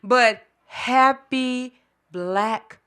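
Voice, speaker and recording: A woman's voice: a little high, extremely slow, bright, forceful tone, clear, resonant tone. A woman co-hosting a live call-in show in casual chat, laughing and affirming her partner. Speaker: co-host.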